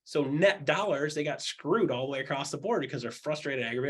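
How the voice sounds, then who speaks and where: A man's voice: a little high, fairly quick, slightly rough. A man coaching a group of real estate agents in a blunt, joking way, acting out the voices he quotes and repeating his points. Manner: animated, acts out quoted voices; blunt, jokey, repeats himself.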